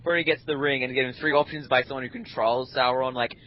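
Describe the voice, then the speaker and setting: A man's voice: mid-range voice, fairly even intonation, fast, dull audio. A man co-hosting a casual gaming podcast, rambling and complaining animatedly. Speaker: podcast co-host.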